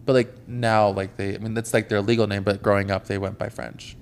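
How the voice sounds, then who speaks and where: A man's voice: fairly low pitch, little pitch movement, fairly quick, a little hiss or hum. A young man co-hosting a podcast, chatting casually, rambling and laughing easily while playing a trivia game. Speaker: podcast co-host. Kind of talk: casual chat.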